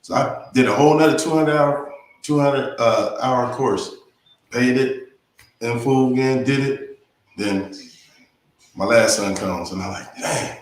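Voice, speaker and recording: A guest yoga teacher with a medium-pitched voice talks a little slowly as he casually describes how he found yoga, animatedly performing his friends' lines. The echoey room carries faint noise.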